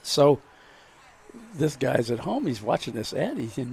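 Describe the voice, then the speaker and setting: A man's voice: medium pitch, big pitch swings, unhurried, vocal fry, mellow, slight background noise. A man on a radio car show, telling a story casually and playing its characters, recorded at an outdoor car show. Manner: drawling storyteller who acts out the lines of his characters. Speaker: restaurant founder and radio guest.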